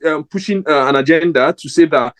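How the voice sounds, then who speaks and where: A man's voice: fairly high pitch, a little fast, poor audio. A young man giving his opinion in a casual football fan vlog, rambling and emphatic with lots of fillers and restarts.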